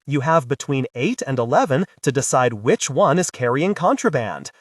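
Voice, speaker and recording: A man's voice: mid-range voice, expressive, moderate pace, no room sound, clean studio sound, far from the mic, close to an everyday voice. A man playing a blunt space agency boss. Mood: briefing.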